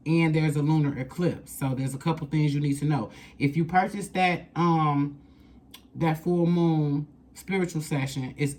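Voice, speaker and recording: A woman's voice: low voice, darkish tone. A woman doing a casual tarot reading, blunt and profane, repeating lines for emphasis. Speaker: tarot reader.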